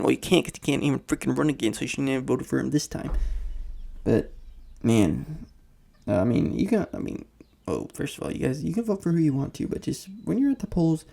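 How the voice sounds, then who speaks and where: A man's voice: mid-range voice, animated, normal speed, creaky, dark tone. A young man hosting a podcast, talking in a slangy, rambling way full of fillers as he comments on the week's news. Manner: slangy rambling rant, heavy on "like" and "freaking". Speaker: podcast host.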